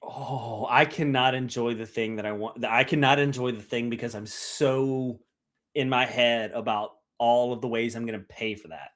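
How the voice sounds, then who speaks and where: A man co-hosting a casual podcast, talking in an animated, dramatic, self-mocking way. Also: mid-range voice, normal speed. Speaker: podcast co-host.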